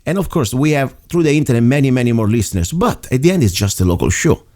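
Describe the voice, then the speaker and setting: A man's voice: medium pitch, animated, quick pace, a little mellow. A man with an Italian accent hosting a local talk radio show, speaking earnestly and rambling between points. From Italy. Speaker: radio host.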